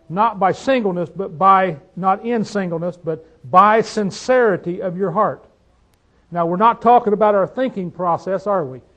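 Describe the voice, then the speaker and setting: A man's voice: high-pitched, a bit bright. A man preaching a sermon, reading scripture aloud and quizzing his listeners with emphatic rhetorical questions. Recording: dull lo-fi sound.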